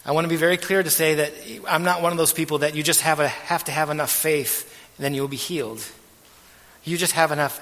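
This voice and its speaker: Earnest preaching man in a reverberant hall. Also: on the high side. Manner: earnest, measured preaching with soft trailing phrase ends. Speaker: pastor. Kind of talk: sermon.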